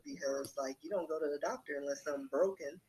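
A man's voice: fairly high pitch, quick pace, very noisy. A man in a casual discussion, speaking frankly in a rambling way with many fillers and asides. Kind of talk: casual chat.

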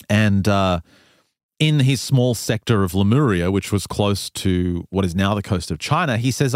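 A man hosting a casual talk show, retelling a strange tale in an animated way with frequent laughs. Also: deep voice, dry recording, studio quality. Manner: animated retelling, laughs often, loose fillers. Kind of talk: casual storytelling chat.

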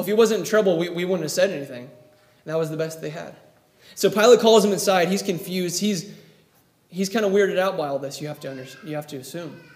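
Male preacher with a high voice, vivid storyteller, recorded in an echoey room. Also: darkish tone. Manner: storytelling, acts out quoted lines. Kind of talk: sermon.

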